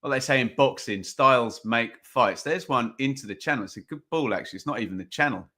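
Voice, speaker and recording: A man speaking fairly quickly hosts a home-streamed live football watch-along, his bright, forward, mid-range voice picked up by a desk microphone. He keeps things loose, reading out viewer comments and drifting into casual play-by-play.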